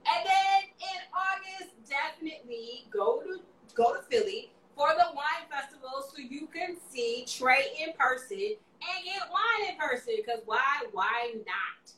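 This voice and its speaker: A woman hosts a loose live-stream chat, tipsy and playful, her words slurring slightly. Her voice is bright and a little high. She sits away from the mic in an echoey room. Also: animated, a little slow, a little hiss or hum. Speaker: host. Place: home, Maryland area.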